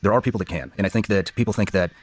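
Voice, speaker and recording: A man's voice: on the low side, racing, slightly rough. A middle-aged man hosting a talk show, speaking bluntly and swearing often in heated casual conversation. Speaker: podcast host.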